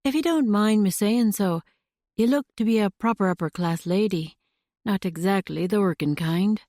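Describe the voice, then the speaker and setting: A woman voicing a kindly bald, bearded male shopkeeper with a Scottish accent, speaking gently. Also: mid-range voice, moderate pace, no echo, clean studio sound, voice pushed up, close to an everyday voice.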